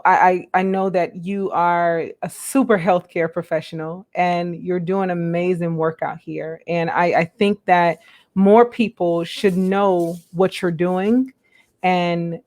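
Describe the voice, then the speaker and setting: Woman host, earnest and grateful, lowish voice, lots of ums. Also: darkish tone. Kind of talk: live-stream chat.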